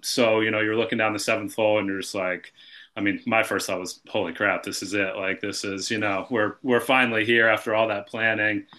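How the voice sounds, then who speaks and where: An American man from the north-east USA, a golf professional guest on a podcast, talking casually with many fillers and trailing off softly. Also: fairly low pitch, little pitch movement, a little fast.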